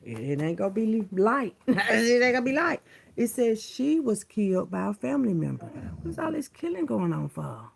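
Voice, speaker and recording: A woman's voice: a little high, big pitch swings, normal speed, gravelly, slightly rough. A woman vlogger in a casual, unscripted rant to camera, blunt and profane, who keeps repeating her points. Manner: coos softly at her dogs in between.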